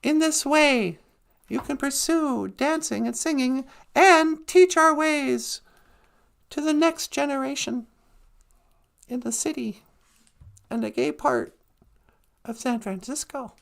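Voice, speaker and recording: An old grandfather, put on by a male storyteller speaks earnestly and in measured phrases. The voice is high and gravelly. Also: fairly bright tone, full character voice. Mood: solemn. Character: older male Dakota grandfather, solemn.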